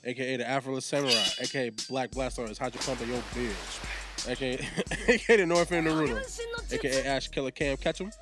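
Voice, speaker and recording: A man's voice: mid-range voice, fairly quick, music in the background. A young man co-hosting a casual comedy podcast, easygoing, rattling off joke nicknames. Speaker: podcast co-host.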